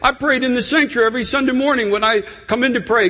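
A male preacher giving an impassioned sermon, his voice rising to shouts as he prays. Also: very high voice, steady tone, quick pace. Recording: long reverb of a hall.

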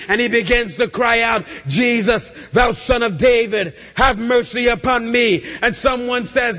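Fervent male preacher, very high and bright voice, shouting, long hall reverb. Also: unhurried, few pauses. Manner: shouting, impassioned preaching with rising fervor. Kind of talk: sermon.

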